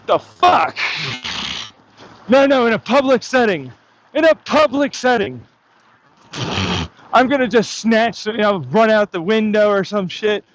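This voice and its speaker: High-voiced man ranting sarcastically. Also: expressive, measured pace, long pauses, slight background noise. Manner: sarcastic, profane, mocking heckler-style rant. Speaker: vlogger. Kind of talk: rambling outdoor vlog monologue. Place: outdoors on a hike.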